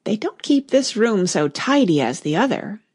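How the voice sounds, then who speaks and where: Lady doing a curious little girl, lifted pitch, lively, kinda husky. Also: normal speed. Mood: hushed wonder. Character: curious polite young girl, Alice. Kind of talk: storybook reading.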